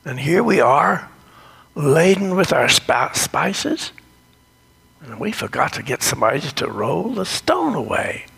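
A man voicing a worried woman carrying burial spices who talks in a hushed, fretful way. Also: fairly high pitch, big pitch swings, unhurried, gravelly, breathy edge, full character voice.

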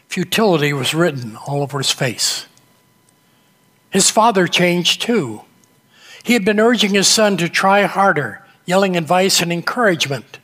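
Slow-preaching man in a reverberant sanctuary. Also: high-pitched, a bit bright. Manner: slow, storytelling delivery with dramatic pauses. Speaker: pastor. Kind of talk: sermon. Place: church sanctuary. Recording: long reverb of a large sanctuary.

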